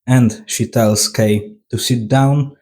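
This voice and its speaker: A man's voice: mid-range voice, steady tone, slow, a little mellow. A man retelling a film's plot in a casual retrospective, sarcastic and mocking. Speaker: film reviewer.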